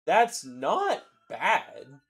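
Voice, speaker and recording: A man's voice: fairly high pitch, huge pitch swings, drawn-out words. A young man hosting a card-break livestream, bantering loosely and joking while he calls out cards. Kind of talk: casual live-stream chat.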